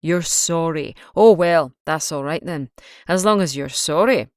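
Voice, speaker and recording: A woman voicing a gruff, sarcastic male Scottish police chief with a Scottish accent in an audiobook reading. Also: on the low side, normal speed, no echo, studio quality, natural voice.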